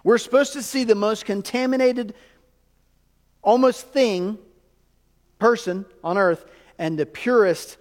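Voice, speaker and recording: A man preaching a sermon in a church, animated and full of rhetorical questions to the congregation. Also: sits high, takes it slowly, long pauses, big-room sound. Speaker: pastor. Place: church sanctuary.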